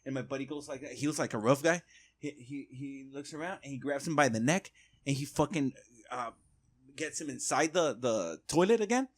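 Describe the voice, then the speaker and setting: A man from Mexico hosting a podcast, caught in a casual, rambling story. He throws in sudden loud quotes and exclamations. His voice sits at a middle pitch and sounds close and dry. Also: fairly quick, no echo. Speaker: podcast host.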